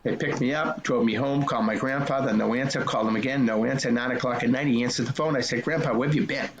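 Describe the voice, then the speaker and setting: A man's voice: mid-range voice, fairly even intonation, fast talker, a little hiss or hum. A man in his sixties, a race director, telling folksy, earnest stories and acting out old conversations. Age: 60s. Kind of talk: storytelling interview.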